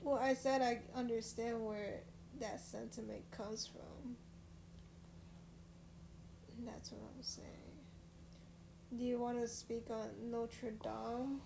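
A woman's voice: a little high, little pitch movement, measured pace, creaky, background noise. A woman co-hosting a podcast, speaking frankly and teasing her co-host in casual chat. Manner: frank, teasing, matter-of-fact.

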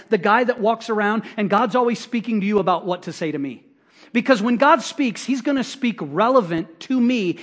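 A man's voice: extremely high pitch, a bit bright. A middle-aged man preaching a sermon as pastor, talking conversationally with repetition and acted quotes.

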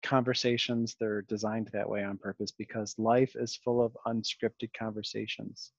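A man's voice: fairly low pitch, flat delivery, moderate pace, vocal fry, no room sound, muffled recording. A man hosting a podcast in a casual, reflective conversation, talkative and full of fillers and restarts. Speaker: podcast host.

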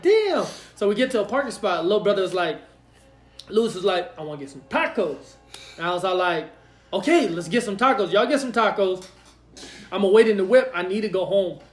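Animated man telling a story on a podcast. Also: high-pitched, roomy sound. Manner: animated, profane, acts out quotes. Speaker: podcast host. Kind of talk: casual storytelling chat.

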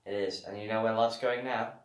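A man's voice: on the low side, steady tone, brisk. A man hosting a casual podcast, teasing his friends and steering the banter. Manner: teasing, bursts into loud laughing bits. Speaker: podcast host. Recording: echoey room.

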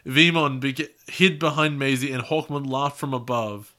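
A man reads a story aloud on a podcast, his voice bright and forward in tone. He teases his co-host and laughs mid-sentence, keeping things loose. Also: mid-range voice, moderate pace. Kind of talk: reading a story aloud with banter.

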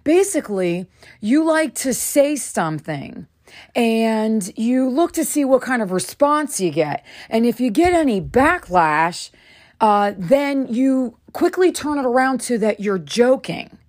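A woman hosting a podcast, telling a personal story in a casual, animated way and acting out the dialogue. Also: a little high. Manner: animated, acts out dialogue with quick bursts. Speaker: podcast host.

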